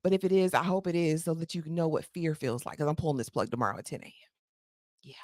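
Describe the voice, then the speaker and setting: Woman, recap host, sassy and slangy, lowish pitch, dry close sound. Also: animated, fast, a little mellow, no room sound. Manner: sassy, chatty, slangy asides. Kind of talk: casual episode recap.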